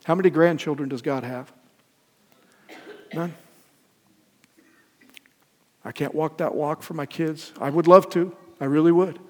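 Older preacher in a reverberant hall. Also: male voice, a little high, normal speed. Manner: emphatic, rising to loud peaks then dropping soft; asks the congregation questions. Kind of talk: sermon.

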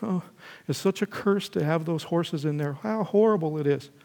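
A man voicing a fickle, excitable village crowd in a sermon story, exclaiming in a raised voice. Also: normal speed, creaky. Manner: exclaiming, high and loud. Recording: echoey hall reverb.

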